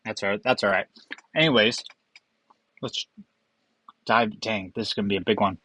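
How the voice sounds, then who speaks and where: Young guy, bright forward tone, dry close sound; loose, joking, swears freely. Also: on the low side, fairly even intonation, moderate pace, no room sound, poor audio. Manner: rambling, joking, profane asides. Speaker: whiskey vlogger. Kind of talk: casual on-camera whiskey tasting.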